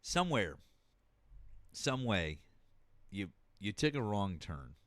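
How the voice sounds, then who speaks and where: A man hosting a politics live stream in casual chat, halting with many fillers and restarts and swearing freely. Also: lowish voice, big pitch swings, a bit bright, dry recording.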